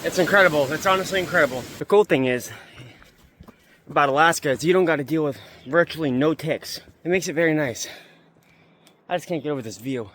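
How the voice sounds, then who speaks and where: A young man vlogging as he hikes up a mountain trail. He is out of breath and chatty, and he repeats himself when something excites him. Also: fairly high pitch, brisk, slight background noise. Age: young adult. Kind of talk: casual hiking vlog.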